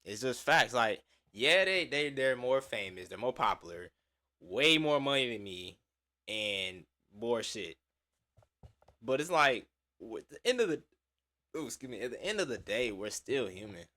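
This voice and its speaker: Male reactor, crisp bright tone, relaxed profane slang with lots of fillers. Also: medium pitch, measured pace. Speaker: video reactor. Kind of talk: casual reaction chat.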